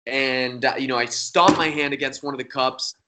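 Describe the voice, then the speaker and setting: A man's voice: medium pitch, normal speed, background noise. A young man, a magician guest, telling a story in a casual, rambling way and swearing freely. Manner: profane, rambling, animated.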